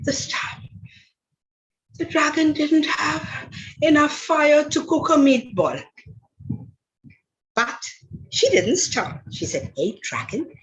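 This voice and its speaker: Woman lecturer, unhurried, reads a story aloud with big dramatic voice changes; a bit high. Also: rough recording. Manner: dramatic, expressive read-aloud with big pitch leaps.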